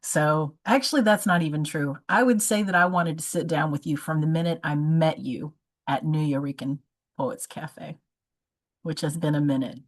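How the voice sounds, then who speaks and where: A woman's voice: low-pitched, moderate pace, poor audio. A woman hosting an interview show, talking in an effusive, chatty way with frequent restarts. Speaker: podcast host. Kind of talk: casual interview chat.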